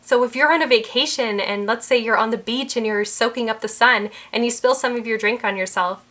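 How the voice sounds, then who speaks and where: Woman, young adult, bright clear voice, earnest explanatory, mindset coach talking to camera. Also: a little high, fairly quick. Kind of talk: talking-head advice video.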